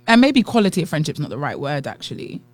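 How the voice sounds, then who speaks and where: A woman with a London accent co-hosting a podcast, talking candidly and teasing as she thinks out loud. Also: low voice, very animated, fast. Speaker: podcast co-host. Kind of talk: casual chat.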